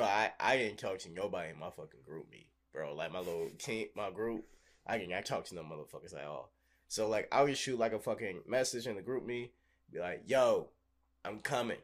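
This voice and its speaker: A young man co-hosting a podcast, telling stories in a loose, animated way, swearing freely and laughing often. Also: on the low side, a little fast. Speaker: podcast co-host. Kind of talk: casual chat.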